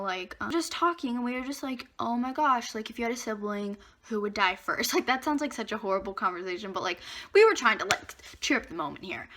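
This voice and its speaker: A teenage girl telling a dramatic school story in a chatty storytime vlog, acting out what others said. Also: mid-range voice. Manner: chatty, animated retelling with acted-out quotes. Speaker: vlogger.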